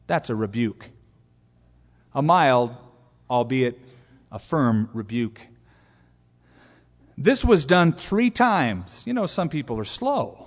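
A man preaching a sermon, animated, acting out quotes with asides to the congregation. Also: mid-range voice, measured pace. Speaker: pastor. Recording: long reverb of a church hall.

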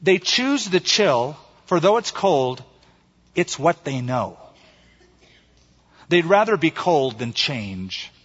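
A patient, gentle stranger, as a preacher reads him, inviting frightened people toward the fire. He speaks unhurried and steady. The sound is muffled and lingers in a large reverberant hall. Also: fairly high pitch, slightly rough, exaggerated voice. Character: calm, patient male stranger bringing light. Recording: dull recording in echoey hall.

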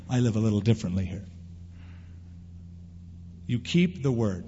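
A man's voice: fairly high pitch, normal speed, pauses often, slight background noise. Man preaching in an echoing hall. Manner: animated preaching, acting out quoted voices. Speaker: pastor. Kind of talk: sermon. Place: church sanctuary. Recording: dull lo-fi sound with long hall reverb.

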